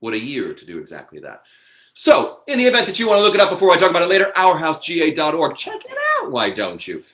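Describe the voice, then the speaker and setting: A man's voice: fairly high pitch, huge pitch swings, fast, fairly bright tone, echoey room. A man hosting a live online improv comedy show, announcing the cast and rules with upbeat, theatrical patter over a video call.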